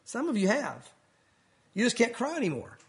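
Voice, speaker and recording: A man's voice: very high voice, huge pitch swings, moderate pace. A man preaching a sermon in an earnest, storytelling way, acting out the people in the story. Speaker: pastor.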